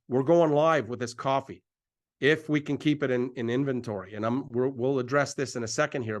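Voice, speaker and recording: A middle-aged man hosting a live presentation, delivering an excitable, repetitive sales pitch and hyping himself up as he goes.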